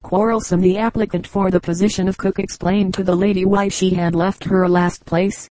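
A woman with a mid-range voice reads humorous anecdotes aloud for an audiobook, her storytelling measured and even. The recording has no echo but sounds rough.

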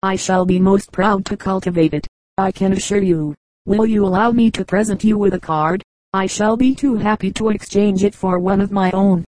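A woman's voice: mid-range voice, fairly even intonation, moderate pace, darkish tone, dry recording, close to an everyday voice, rough recording. A woman voicing a conceited, foppish male rival in a storybook reading, speaking in a gushing, ceremonious way.

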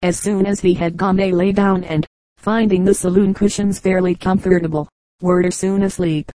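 A woman's voice: fairly low pitch, steady tone, normal speed, mellow, no room sound, poor audio. A woman narrating an audiobook, reading steadily and voicing the characters lightly.

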